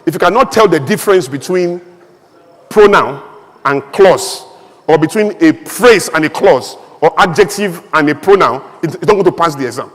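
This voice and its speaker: A man with a notably high voice delivers a fiery conference speech. He talks in an emphatic, rhetorical way with humorous asides. The sound rings out with the long reverb of a big hall. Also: expressive, moderate pace. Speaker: conference speaker. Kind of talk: impassioned public speech. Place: large event hall.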